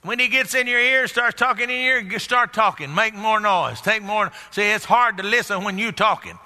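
An older man preaches in a high, piercingly bright voice. He repeats his lines for emphasis and builds to excited shouts. The sound carries a long church-hall reverb. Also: normal speed. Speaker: pastor. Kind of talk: sermon.

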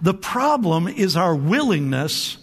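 A pastor gives a lively sermon at a slow pace, his high, bright voice slightly rough as it rings through a big, reverberant church sanctuary. He keeps the congregation calling back and presses on with energy. He frequently repeats words and restarts.

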